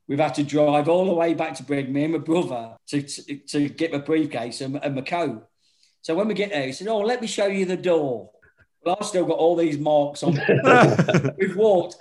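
A middle-aged man, his voice sitting a little high, rattling through wild stories in casual chat. He laughs through his words and swears freely as he tells them. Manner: laughing, swearing, animated storytelling.

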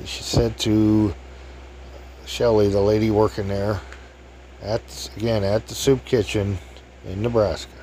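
Man in his fifties, lowish voice, chatty storyteller, jokey, faint hum behind. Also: mellow. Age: 50s. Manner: jokey, chatty, laughs at his own stories. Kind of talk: casual spoken anecdote.

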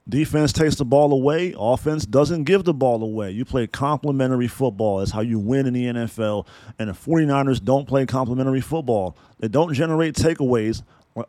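A man's voice: medium pitch, warm tone, no echo. A man hosting a sports podcast, delivering a blunt, profane, fired-up rant about his team. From San Francisco Bay Area.

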